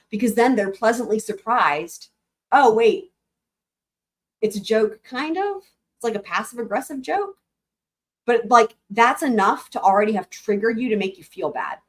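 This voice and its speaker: Chatty woman streamer, rambling. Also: medium pitch. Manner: rambling, frequent fillers, talks to chat. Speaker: livestream host. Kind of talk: casual live commentary.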